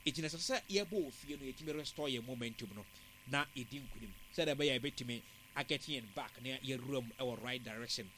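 A man giving football analysis on a sports talk show, in a measured, analytical way. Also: mid-range voice, fairly bright tone, a little hiss or hum.

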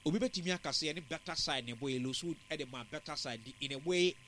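A man giving football analysis on a sports talk show, in a measured, analytical way. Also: on the high side, fairly bright tone, slight background noise.

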